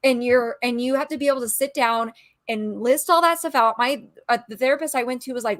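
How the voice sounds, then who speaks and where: Podcast co-host, female, higher-pitched, dry close sound, earnest and opinionated delivery. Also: fast, a bit bright, dry recording. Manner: earnest, opinionated, acts out quotes. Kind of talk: casual chat.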